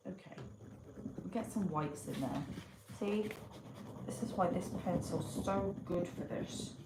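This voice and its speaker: A woman chatting casually to viewers during a live stream while she draws, muttering to herself and greeting them brightly. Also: on the low side. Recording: echoey room with clear background noise.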